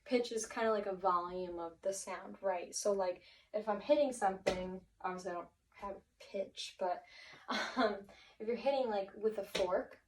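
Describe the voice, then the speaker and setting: Encouraging her class, a woman teacher walks them through vocabulary, thinking aloud and often restarting sentences. Her medium-pitched voice moves at a moderate pace and is picked up from a little way off the mic. The audio is poor, with a little hiss or hum.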